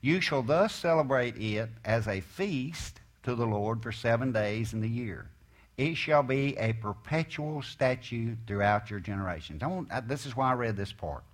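Earnest man preaching, emphatic then hushed. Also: mid-range voice, lively intonation, moderate pace. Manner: earnest, emphatic, rhetorical questions; swings between raised emphasis and quiet asides. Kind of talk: sermon with scripture reading.

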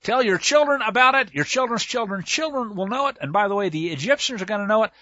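Man, bible teacher, high and bright voice, folksy slangy explaining, dull dry lo-fi recording. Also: fast talker, no room sound.

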